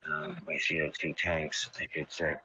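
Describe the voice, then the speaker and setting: Rambling low-voiced man, bright lo-fi sound. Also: level tone, measured pace, breathy edge, no room sound. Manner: rambling, chatty, swears casually. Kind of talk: casual stream chat.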